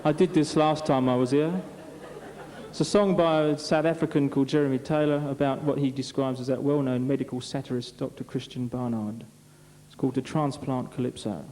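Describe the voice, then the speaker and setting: A man's voice: medium pitch, fairly even intonation, fairly quick, over music, rough recording. A man on stage at an amateur revue, telling long jokes to a live audience in a rambling, chatty way. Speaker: revue comedian.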